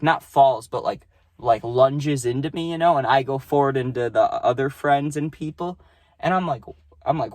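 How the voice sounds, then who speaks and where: A man's voice: medium pitch, dry recording. A young man telling a party story in a loose, rambling way, swearing a lot and tagging lines with "right?". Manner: profane, rambling, peppered with "right?". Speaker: storytime vlogger. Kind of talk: casual storytelling.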